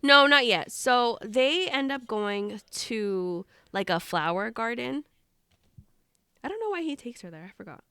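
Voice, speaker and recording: A young woman co-hosting a casual book podcast, animated and laughing as she retells scenes. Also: fairly high pitch, unhurried, clean tone, no echo. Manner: animated, laughing, acts out character lines. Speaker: podcast co-host.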